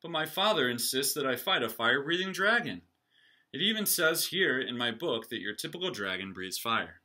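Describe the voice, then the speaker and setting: A thin, nervous young knight from a storybook, as a male reader puts him on, squeaking high and stuttering over his words. The voice rings sharp and bright. He sounds anxious and loud. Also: big pitch swings, normal speed, full character voice.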